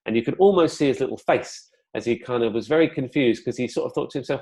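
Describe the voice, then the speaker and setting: A man's voice: medium pitch, quick pace, hardly any pauses. Man presenting a webinar. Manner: conversational, relaxed, uses many fillers and asides.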